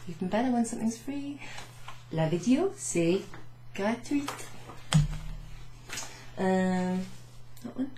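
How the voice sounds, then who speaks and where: A woman French teacher recapping a beginners' lesson, chatty, saying French phrases slowly with teacherly emphasis. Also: mid-range voice, animated, mellow. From Wales. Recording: echoey room with faint noise.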